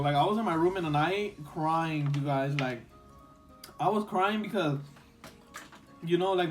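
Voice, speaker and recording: A young man telling a storytime vlog story in casual chat, rambling with lots of fillers and a few Spanish words. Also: on the high side. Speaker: vlogger.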